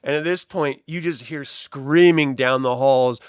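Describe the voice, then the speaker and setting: A man's voice: medium pitch, normal speed, hardly any pauses, smooth, dry recording, studio quality. A man narrating a tabletop game as game master, in a loose, rambling way with many likes and restarts.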